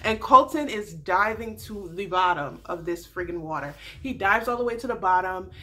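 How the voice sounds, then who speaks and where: A woman giving a casual, animated TV recap as a vlogger, slangy and quick to laugh. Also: lowish voice.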